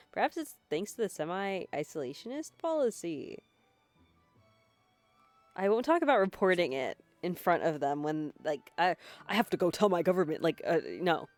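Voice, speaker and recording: A woman's voice: fairly low pitch, lively intonation, normal speed, soft background music. Rambling, giggly young woman streamer. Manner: rambling, giggly and self-deprecating, with swearing and apologies. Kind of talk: casual game commentary. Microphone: handheld mic, no desk.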